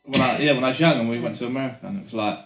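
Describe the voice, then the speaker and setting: A man joining a casual podcast chat with quick, chatty asides. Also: mid-range voice, distant mic, soft background music. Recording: roomy room sound.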